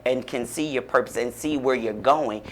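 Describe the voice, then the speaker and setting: A man's voice: mid-range voice, normal speed, slight background noise. Fervent, encouraging man on radio. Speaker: guest, author and pastor-like speaker. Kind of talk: radio interview, inspirational talk. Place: radio studio.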